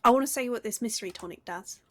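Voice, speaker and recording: A British woman with a slightly high voice banters in character during a roleplay. She is blunt and casual, and she swears freely. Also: fast talker. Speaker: roleplay player.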